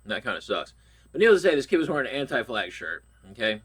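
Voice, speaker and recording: A man's voice: mid-range voice, sing-song, fast talker, fairly bright tone, slightly rough. A middle-aged man from Pittsburgh with a stuffy nose, ranting bluntly and swearing constantly. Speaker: vlogger. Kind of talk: profane rant.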